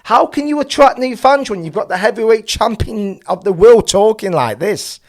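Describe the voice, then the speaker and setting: Man, high voice, very animated, passionate ranting commentary, rhetorical questions. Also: normal speed. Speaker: boxing channel host. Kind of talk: opinionated commentary.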